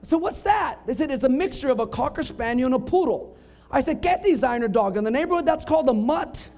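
A middle-aged man preaching a sermon, telling funny stories with punchlines and building up to emphatic shouts. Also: extremely high pitch, lively intonation, fast. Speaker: pastor.

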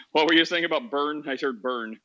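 A man's voice: on the high side, bright, forceful tone, lo-fi sound. A man hosting a podcast, telling a story in a sarcastic, laughing, casual way on a social audio app. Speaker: podcast host.

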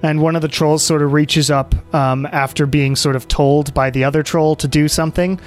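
A man narrating as game master in a relaxed, halting way, full of fillers, over faint music. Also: on the high side.

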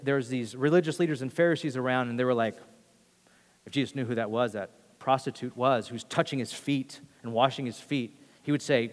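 A man preaching a sermon, earnestly shifting between hushed and forceful emphasis. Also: on the high side, big-room sound. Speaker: pastor.

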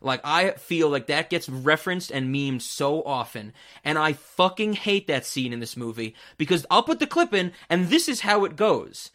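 A man's voice: a little high, big pitch swings, moderate pace, hardly any pauses, fairly bright tone. A man hosting a casual film chat, ranting animatedly and swearing. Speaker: podcast host.

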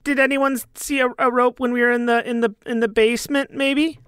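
A man's voice: extremely high pitch, little pitch movement, fairly quick, a bit bright, clean tone. A man voicing a nervous young boy who stammers and repeats his words.

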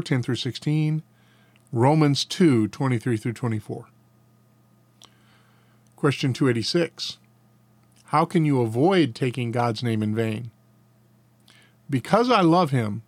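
A man's voice: mid-range voice, dry recording. A man teaching a catechism lesson, reading each answer and then adding casual, folksy commentary with a chuckle. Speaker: Bible teacher.

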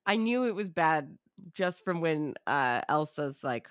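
A woman with a lowish voice chats animatedly about a movie, swearing freely and acting out other people's reactions. Her voice is close and dry, with no room sound at all. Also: very animated, slow, a bit bright, dry recording. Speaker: podcast co-host. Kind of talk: casual movie discussion.

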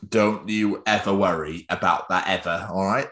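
A British man with a low voice trades sweary, jokey banter as a podcast host. His delivery is loose and casual. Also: fairly even intonation, moderate pace, few pauses, a bit bright, soft background music. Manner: sweary, jokey, laughs often.

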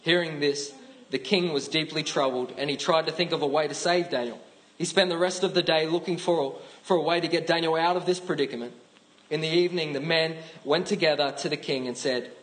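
An Australian man preaches in a relaxed, chatty way, often repeating and restarting his words. His voice sits slightly high, and faint room sound is heard behind him. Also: normal speed, slight background noise, rough recording. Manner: chatty, informal, with frequent restarts. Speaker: pastor. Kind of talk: sermon.

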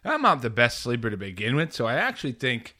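A man's voice: mid-range voice, quick pace. A man in his thirties co-hosting a podcast, chatting casually and acting out quoted lines with a laugh. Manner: lively, laughs often, acts out quotes. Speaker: podcast co-host. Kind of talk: casual chat.

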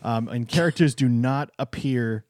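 A man's voice: medium pitch, normal speed, dry recording, studio quality. A man with a New England accent co-hosting a casual chat, joking and laughing often. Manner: jokey, laughs often, playful deadpan bits. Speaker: co-host.

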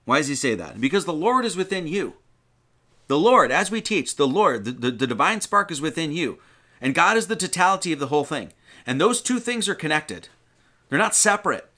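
Male preacher, lively bright delivery, sermon teaching with rhetorical questions. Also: a little high, brisk. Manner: animated teaching, rhetorical questions, quoting scripture.

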